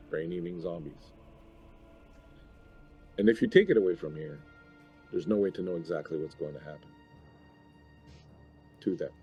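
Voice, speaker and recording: Hoarse and clearly losing his voice, a man serves as dungeon master for a tabletop game, narrating in slow, measured phrases. His voice sits low and carries a warm tone.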